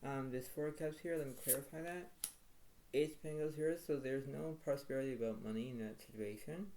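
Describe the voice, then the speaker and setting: A man's voice: mid-range voice, brisk, dark tone, slight background noise, low-quality recording. Rambling man reading tarot cards. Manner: rambling, repetitive, filler-heavy. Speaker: tarot card reader.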